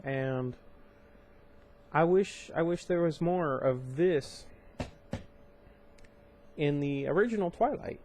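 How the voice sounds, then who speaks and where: On his channel, a young man reads a novel aloud slowly, leaving long pauses, his fairly high voice carrying a darkish tone over slight background noise. The amateur reading includes chatty commentary, with fillers and restarts along the way.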